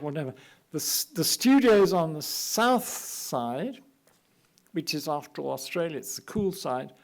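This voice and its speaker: A man's voice: a little high, vocal fry. Wry older British man lecturing. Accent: British English. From England. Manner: wry, anecdotal, self-deprecating humor. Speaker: architect giving a lecture. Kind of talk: public lecture with slides. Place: lecture hall at an art academy.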